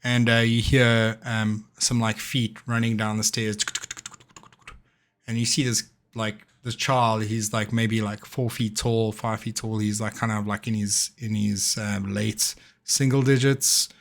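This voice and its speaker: A man's voice: on the low side, level tone, unhurried. A man running a tabletop game as game master, narrating loosely with lots of fillers.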